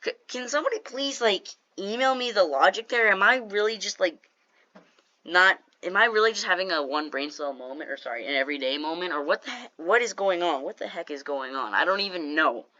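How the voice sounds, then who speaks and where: Bright-voiced storyteller with jokey asides. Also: mid-range voice, dull audio. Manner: animated, jokey, quick asides to viewers. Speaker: storytime YouTuber. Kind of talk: casual storytime over gameplay.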